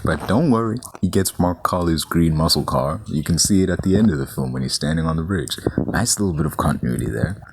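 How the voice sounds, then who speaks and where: A man's voice: very deep voice, noisy background. A man giving a casual, rambling movie review, swearing freely and saying "like" a lot. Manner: rambling, profane, heavy use of "like".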